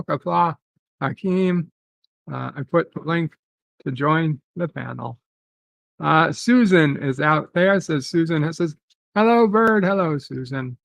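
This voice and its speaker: Middle-aged guy hosting a stream, slow and gravelly, says stuff twice with lots of ums, dry close sound. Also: fairly high pitch, fairly bright tone, no echo. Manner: halting, repeats phrases with many fillers. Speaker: host reading chat. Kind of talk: casual live-stream chat.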